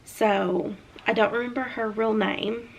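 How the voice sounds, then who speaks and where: A woman's voice: a little high, a little slow, muffled recording, a little hiss or hum. A young woman with a Southern US accent, chatting casually about books she has read, with lots of fillers. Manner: chatty, animated hand talker with many fillers. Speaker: book reviewer. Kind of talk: casual chat.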